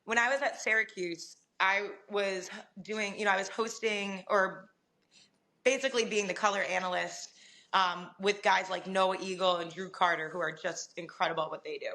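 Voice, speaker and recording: Bright-voiced young woman telling stories. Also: mid-range voice, normal speed. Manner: animated storyteller, laughs often. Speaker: guest, sports reporter. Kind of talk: casual podcast conversation.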